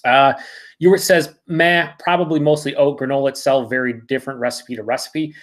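Hosting a live beer review, a man talks casually in a mid-range, steady, brisk voice. He reads out comments from viewers, rambles, and corrects himself along the way.

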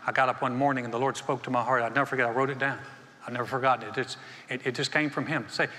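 A senior pastor preaching a sermon in a folksy storytelling way, acting out little dialogues between churchgoers. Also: male voice, medium pitch, fairly even intonation, very fast, sharp tone. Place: church auditorium. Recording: long hall reverb.

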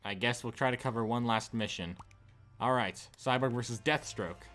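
A man commentating a video game playthrough in an animated, joking way. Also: medium pitch, moderate pace, faint music behind. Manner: animated and joking, laughs at his own lines.

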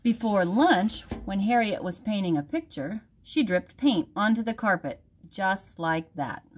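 A woman, a teacher, reading a picture book aloud at home for her class in a gentle storytelling manner. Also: mid-range voice, expressive, measured pace.

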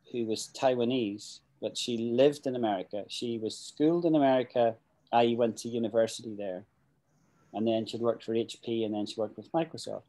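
A man's voice: medium pitch, dark tone. A middle-aged man with a Scottish accent, teaching English in a chatty, rambling way with frequent restarts. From Scotland. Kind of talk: casual spoken English lesson.

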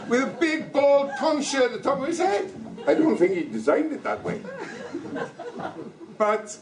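An older man giving a comic political speech with no microphone, mocking and punchy, playing for laughs before an audience. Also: high voice. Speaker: political speaker. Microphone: no microphone, recorded from far off. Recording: echoey hall from far off, noisy.

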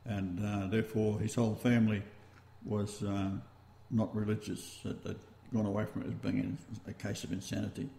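A man with an Australian accent hosting a talk-radio show, rambling and halting as he goes. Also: on the low side, little pitch movement, gravelly, warm tone, echoey room. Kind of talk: casual talk-radio chat.

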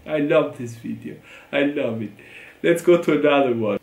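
With a fairly high, darkish voice, this Italian-accented man reads tweets aloud for a reaction video. He talks at normal speed, animated and casual, often laughing and repeating brief phrases, and the room has noticeable echo.

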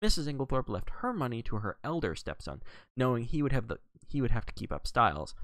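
A man voicing a soothing, careful middle-aged lawyer in an audiobook reading, speaking in measured tones. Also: mid-range voice, big pitch swings, a bit bright, dry recording.

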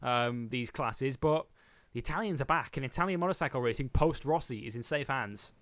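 A man co-hosting a casual motorsport chat, fast and chatty with a teasing edge. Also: mid-range voice, a bit bright, dry recording. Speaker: podcast co-host.

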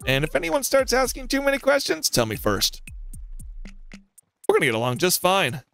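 A man putting on a folksy older shopkeeper, pitched well up, calling people dearie. The voice is bright and quavering-sweet with a secretive streak. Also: huge pitch swings, normal speed, gravelly, faint music behind, full character voice. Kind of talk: reading game dialogue aloud.

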